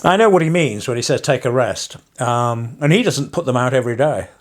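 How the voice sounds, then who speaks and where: An English parson chats casually to his viewers, drifting from one story to the next. His wry asides often end in a chuckle. His voice sits at an ordinary middle pitch. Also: expressive, a little fast. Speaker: parson and vlogger. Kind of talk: casual rambling vlog monologue.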